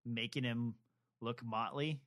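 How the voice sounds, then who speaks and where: A man co-hosting a podcast, talking casually and haltingly with many fillers and restarts. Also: mid-range voice, steady tone, fairly bright tone. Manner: rambling, hesitant, lots of fillers and restarts. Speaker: podcast co-host. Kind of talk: casual chat about a TV adaptation.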